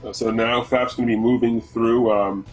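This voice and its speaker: A male co-commentator from the northeastern US rambles through casual speedrun commentary with lots of fillers and restarts. His medium-pitched voice is flat and moderately paced, on a rough recording with faint background music.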